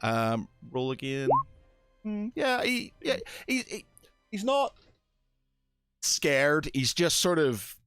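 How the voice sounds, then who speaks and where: A man's voice: fairly high pitch, very animated, slow, long pauses, a bit bright, clear, resonant tone, no room sound, clean studio sound, soft background music. A man narrating as game master of a tabletop game, hesitant and full of fillers.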